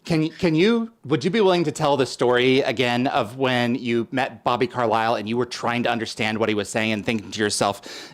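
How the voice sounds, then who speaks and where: A man's voice: medium pitch, a little fast, hardly any pauses. A man hosting a casual interview, asking enthusiastic, chatty questions. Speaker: podcast host.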